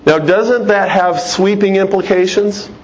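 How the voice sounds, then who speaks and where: A man's voice: sits high, unhurried. A middle-aged man giving a conversational, emphatic lecture-style talk, with frequent restarts. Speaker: Christian speaker. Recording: dull lo-fi sound with faint noise.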